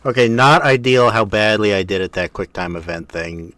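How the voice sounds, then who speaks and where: A man's voice: on the low side, moderate pace, a bit bright, no room sound. A man streaming a video game, chatting casually with easygoing, wry, self-deprecating jokes. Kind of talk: casual let's-play chat.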